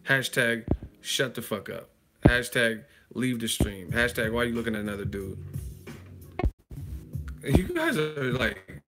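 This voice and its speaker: A man's voice: mid-range voice, big pitch swings, a little slow, pauses often, over music. A man hosting a live chat stream, roasting a viewer in a profane, mocking, laughing way. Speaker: livestream host.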